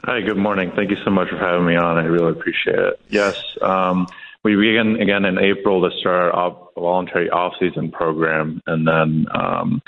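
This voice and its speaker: A young man with an American accent whose first language is Afrikaans, answering questions as a guest athlete in a relaxed, friendly way. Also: sits low, normal speed, phone-quality sound. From South Africa.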